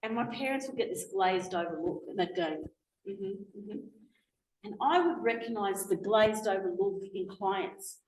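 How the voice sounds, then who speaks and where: A woman's voice: medium pitch, normal speed, few pauses, a little mellow, a little hiss or hum. A middle-aged woman giving a passionate, emphatic public talk as a guest speaker in a meeting hall. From Australia. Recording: echoey hall recording.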